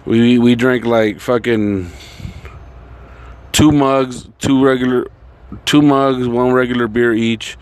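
A man's voice: medium pitch, steady tone, slow, long pauses, darkish tone, smooth. A man casually telling a rambling personal story, swearing constantly and filling gaps with "like" and "you know". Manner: rambling, profane, heavy filler words.

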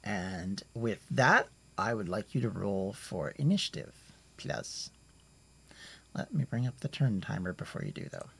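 Slow, rambling male game master. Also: fairly low pitch, sing-song, gravelly, a bit bright, breathy edge. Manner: rambling, halting, many fillers and restarts. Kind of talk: narrating a tabletop game.

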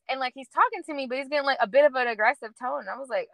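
A woman co-hosting a casual podcast retells conversations with great animation, playing both sides and saying "like" a lot. Her voice is high and she talks very fast with few pauses. The recording is dry.

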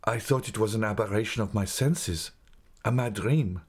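A man's voice: lowish voice, normal speed, slightly rough. A man voicing an impatient, anxious young male nobleman who asks urgent, pleading questions.

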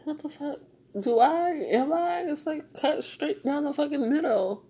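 A woman's voice: high-pitched, expressive, a little slow, mellow. A young woman podcaster venting in a raw, rambling monologue, swearing and tearful.

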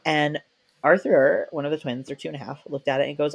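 Chatty podcast host, animated storyteller. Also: medium pitch, brisk, vocal fry, slightly rough. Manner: chatty, animated storytelling with playful quoted voices. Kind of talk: casual conversational interview.

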